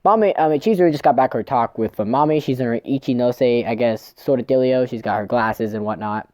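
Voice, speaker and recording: A man's voice: mid-range voice, brisk, a little mellow, no echo, studio quality. A man casually recapping a manga chapter, rambling, swearing and tripping over his words. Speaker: manga reviewer.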